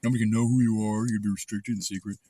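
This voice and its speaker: A man's voice: fairly low pitch, level tone, rapid-fire, warm tone, a little hiss or hum. A man telling a long, frustrated story in a rambling, casual way with lots of fillers and restarts. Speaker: channel host recounting a dispute.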